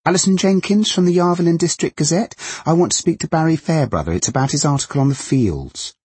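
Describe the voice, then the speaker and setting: A man voicing a jaunty young woman journalist, loud and brisk on the phone. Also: a little high, lively intonation, breathy edge, dry recording, pitched above the performer's own voice.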